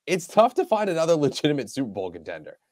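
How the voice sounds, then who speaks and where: A man's voice: fairly high pitch, huge pitch swings, quick pace, a little mellow, no room sound, studio quality. A man co-hosting a casual sports podcast in an easygoing, laid-back way. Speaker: podcast co-host.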